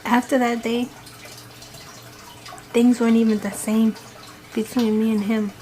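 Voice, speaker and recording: A woman's voice: on the high side, flat delivery, a little slow, mellow. Emphatic woman telling a scary story. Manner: dramatic, emphatic retelling with swearing. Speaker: vlogger. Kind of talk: storytime vlog.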